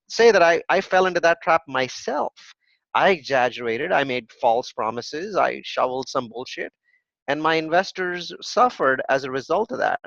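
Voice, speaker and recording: A man's voice: mid-range voice, a bit bright, dry recording. A man teaching a real estate investing workshop. He talks emphatically, poses rhetorical questions, answers them himself, and tags his points with "right?". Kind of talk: live workshop presentation with web demos. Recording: dull, dry lo-fi recording.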